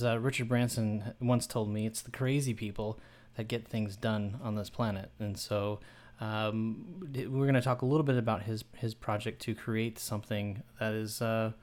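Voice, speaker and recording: Male host, mid pitch, loose and halting, many ums and restarts. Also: darkish tone. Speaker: podcast host. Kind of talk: casual live audio chat.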